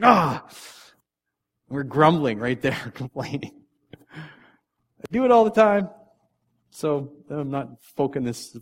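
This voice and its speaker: Man, pastor, casual sermon, medium pitch, self-deprecating, laughs often, restarts sentences, soft asides and loud emphasis. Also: slightly rough. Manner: frequent restarts, loudness swings from soft to punchy. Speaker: father of three young kids.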